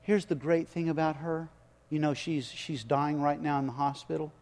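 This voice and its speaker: Man preaching, kinda high voice, gets loud and animated, long echo like a big church hall. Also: moderate pace. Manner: animated, swings from soft prayer to loud acted-out stories. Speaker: pastor. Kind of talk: sermon.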